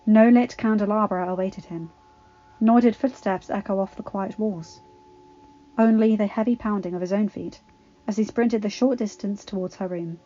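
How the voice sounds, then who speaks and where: A woman reading a fanfiction story aloud with expressive, dramatic narration. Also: mid-range voice, normal speed, dull audio. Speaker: fanfiction reader.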